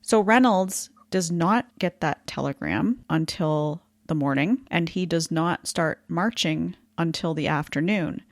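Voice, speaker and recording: A woman co-hosts a history podcast in an easy conversational tone. Her voice sits on the low side, and she laughs easily at her own slips. The sound is dry and close, with no room around it. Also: unhurried, hardly any pauses, no echo. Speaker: podcast co-host. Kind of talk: casual history podcast chat.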